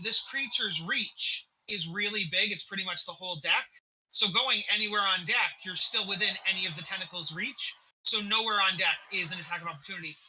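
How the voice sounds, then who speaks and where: A man's voice: sits high, pushed and bright, husky, poor audio. A man running an online tabletop game as dungeon master, patiently explaining rules and chuckling often. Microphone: desk mic.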